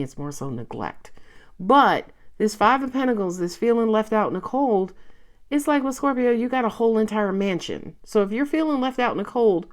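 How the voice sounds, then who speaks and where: Excitable, animated woman reading tarot. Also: mid-range voice. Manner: excitable, chatty, swears freely, laughs often. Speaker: tarot reader. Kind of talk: casual tarot reading to camera. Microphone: camera.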